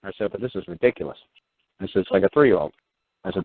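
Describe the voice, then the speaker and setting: A man's voice: sits low, rapid-fire. A man hosting a call-in show, rambling bluntly through stories with plenty of swearing. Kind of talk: rambling phone talk, anecdotes. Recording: tinny phone line with faint hiss.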